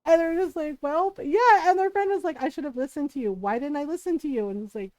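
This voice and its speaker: Very high-voiced woman telling a story. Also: fast, dry recording. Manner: animated storytelling, acts out quotes, laughs often. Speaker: streamer. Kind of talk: casual chat while gaming.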